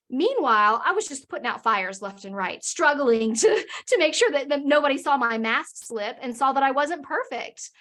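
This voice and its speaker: Spunky middle-aged woman guest, slightly high voice, vivid storyteller. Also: fairly bright tone. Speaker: podcast guest, business owner. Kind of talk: storytelling in an interview.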